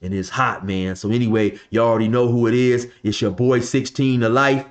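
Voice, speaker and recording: A man's voice: medium pitch, steady tone, brisk. A man casually telling a story from his past in loose slang, filling it with "you know" and "man.". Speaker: vlogger telling a street story.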